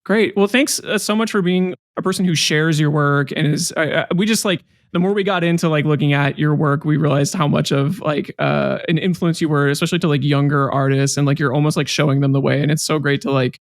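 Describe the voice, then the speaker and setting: A man's voice: a little high, steady tone, brisk, few pauses, no room sound, clean studio sound. A man co-hosting a podcast in casual chat, rambling and jokey, full of fillers and restarts. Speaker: podcast co-host.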